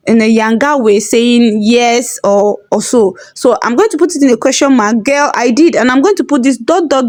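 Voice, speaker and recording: A woman hosting a tutorial, patiently explaining each step and repeating key points. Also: on the high side. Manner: patient, instructive, repeats herself. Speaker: tutorial host.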